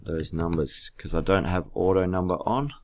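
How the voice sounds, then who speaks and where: A man's voice: sits low, moderate pace, darkish tone. A man teaching a class through a screen-recorded tutorial, patient and spelling words out letter by letter, with keyboard clicks behind him.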